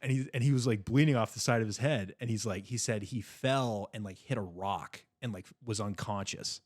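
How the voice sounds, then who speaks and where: A young man co-hosting a podcast, telling a story in a casual, animated way, swearing freely. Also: fairly low pitch, normal speed. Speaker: podcast co-host.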